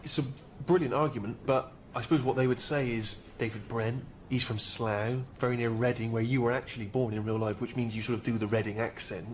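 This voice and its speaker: A man's voice: mid-range voice, fairly even intonation, brisk, few pauses, a little hiss or hum, natural voice. A man playing a hesitant, awkward agent in a scripted sitcom.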